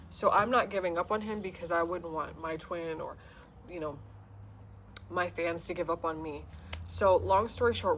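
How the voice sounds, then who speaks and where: A woman's voice: fairly low pitch, fairly bright tone, a little hiss or hum. A woman giving a casual spiritual tarot reading to camera, talking in an earnest, heartfelt, rambling way. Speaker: tarot reader and self-described healer.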